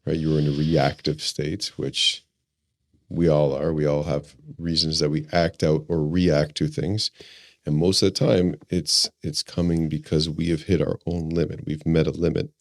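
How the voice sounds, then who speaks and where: A man hosting a podcast, calmly explaining and teaching as a coach. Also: rumbling low, moderate pace, no echo, clean studio sound. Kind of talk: reflective explanation.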